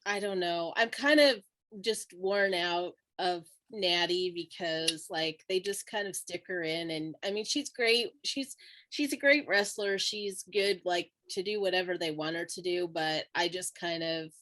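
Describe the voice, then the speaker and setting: A woman with a lowish voice talks slowly on a podcast. She is hesitant and casual, pausing often on fillers as she gives her view. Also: fairly bright tone. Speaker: podcast co-host. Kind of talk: casual chat.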